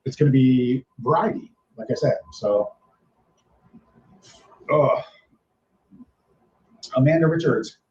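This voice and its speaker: Guy rambling on his livestream, saying hi to chat, warm low tone, kinda muffled. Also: slow, pauses often, reverberant. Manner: rambling, greeting viewers in chat. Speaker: livestream host. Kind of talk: casual live-stream chat. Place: home in the Philippines.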